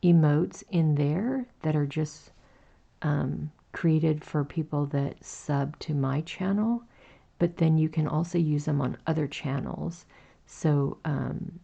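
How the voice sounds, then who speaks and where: A woman in her forties hosts a crochet livestream, talking in a slow, gentle, chatty way with lots of little fillers as she reads out the chat. Her voice is very low, gravelly and raspy, with a warm, dark tone. The stream audio sounds dull and lo-fi. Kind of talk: casual chat while crocheting.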